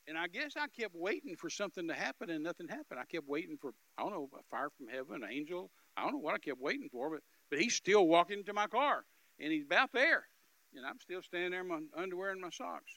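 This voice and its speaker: A man giving an animated, emphatic storytelling testimony as a minister, with repetitive phrasing and loud bursts. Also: high voice, fast talker, low-quality recording.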